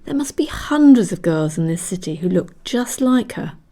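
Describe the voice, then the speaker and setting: A woman's voice: on the low side, big pitch swings, normal speed, mellow. A woman reading the part of an anxious young wife, pressing with worried questions. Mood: perplexed.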